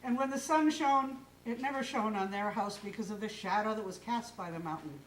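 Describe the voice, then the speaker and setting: A woman telling a folk tale aloud on stage in a lively, expressive way. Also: medium pitch, a little fast, slight background noise. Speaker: storyteller. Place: live stage in a hall. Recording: echoey hall from far off.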